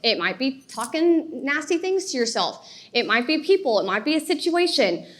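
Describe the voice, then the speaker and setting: Animated woman telling a story. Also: high-pitched. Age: 30s. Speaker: speaker. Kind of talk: motivational talk.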